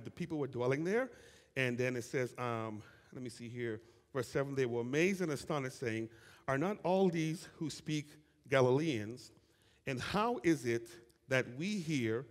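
A male pastor preaching a sermon to his congregation, reading scripture and asking the listeners to call out answers, with casual asides between verses. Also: medium pitch. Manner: animated preaching with call-and-response questions to the congregation; conversational asides and quick restarts while reading scripture. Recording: long reverb of a church hall.

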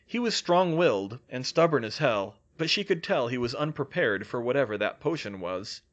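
Male narrator for an audiobook, lively pitch, expressive storytelling. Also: normal speed, muffled recording. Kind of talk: fan fiction audiobook narration.

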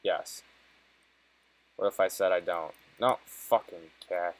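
This let's-play gamer, a young man, delivers profanity-laden commentary that's frustrated and jokey. He speaks slowly in a low, steady voice, and the recording quality is low.

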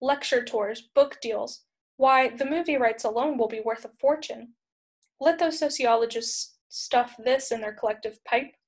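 A woman reads a pompous male professor, smug and lecturing, full of himself in a storybook reading. The voice is a little high. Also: unhurried.

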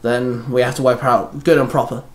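A man's voice: medium pitch, level tone, brisk, lightly acted. Determined team leader, voiced by a man. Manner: firm, growling, commanding. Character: determined young male team leader, tough.

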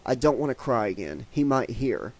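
A man voicing a timid young woman, hushed and shaky with fear. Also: medium pitch, big pitch swings, normal speed, pitched below the performer's own voice. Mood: fearful.

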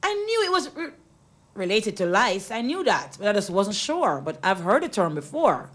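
A woman's voice: mid-range voice, very animated, normal speed, a bit bright. A woman co-hosting a radio talk show, teasing her partner and laughing often. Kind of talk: casual radio chat.

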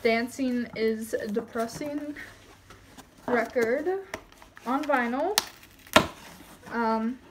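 Teen girl vlogger, high-pitched, unhurried, giddy and rambling. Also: noisy background. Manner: giddy, rambling, self-conscious. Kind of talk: casual unboxing vlog.

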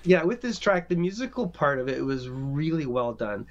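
A man talking as a guest in a casual chat, measured and thoughtful. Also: fairly high pitch, sing-song, muffled recording, crowd noise. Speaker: guest songwriter.

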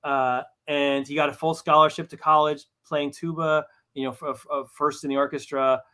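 In a casual interview, a comic book writer guest talks at a moderate pace in a sharp voice on the high side, his pitch barely shifting. He stammers into many restarts and keeps a self-deprecating manner.

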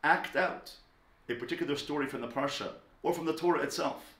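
A man giving a lecture on parenting, talking emphatically and swinging between loud stressed words and soft low asides. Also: brisk. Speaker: parenting teacher. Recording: echoey room.

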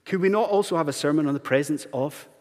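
A man's voice: fairly high pitch, fast, darkish tone. A man preaching a sermon in a church, asking the congregation one earnest rhetorical question after another. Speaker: pastor. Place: church sanctuary. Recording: long hall reverb in church.

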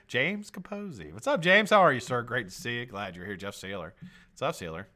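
Middle-aged male stream host, lively pitch, bright voice, loud greetings, crude jokes. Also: fast. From United States. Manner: loud shout-outs, swears, jokey. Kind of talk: live stream chat, greeting viewers.

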